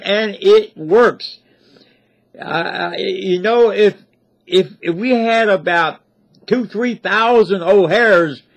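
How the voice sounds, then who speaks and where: A man giving a casual spoken monologue as a commentator, folksy and rambling, with many fillers and restarts. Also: sits high. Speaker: religious commentator. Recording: dull lo-fi recording.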